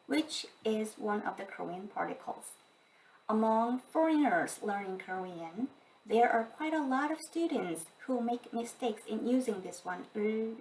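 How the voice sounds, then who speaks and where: Higher-voiced woman teaching grammar. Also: far from the mic, slight background noise, low-quality recording. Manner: slow, careful explanation. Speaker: language teacher. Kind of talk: scripted grammar lesson.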